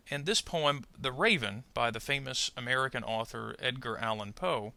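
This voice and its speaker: A very bright voice with slight gravel belongs to a man delivering scripted pronunciation teaching. Each point is set out slowly and clearly, his pitch ranging widely as he presses on stressed words; model sentences come slow, deliberate, and over-articulated for repetition, and the recording is dry.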